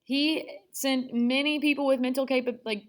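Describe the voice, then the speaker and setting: A woman's voice: high voice, steady tone, normal speed. A woman teaching a history lesson in a chatty, casual way, full of sarcastic asides. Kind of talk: casual classroom lecture.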